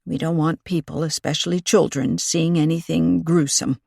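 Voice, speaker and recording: A woman voicing a firm, practical female friend who speaks in a brisk, take-charge way, in an audiobook reading. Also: low voice, fairly even intonation, vocal fry, mellow, husky, no echo, clean studio sound, exaggerated voice.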